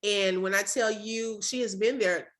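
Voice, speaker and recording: Effusive bright-voiced woman teacher. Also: medium pitch, steady tone, measured pace. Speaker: former teacher hosting. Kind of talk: casual video-call chat. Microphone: video call.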